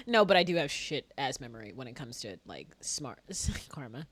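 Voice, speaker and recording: A woman's voice: fairly low pitch, very animated, fairly quick, dry recording. A young woman streaming a game, chatting casually in a giggly, crude, playful way that jumps between topics. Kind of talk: casual live-stream chatter while gaming.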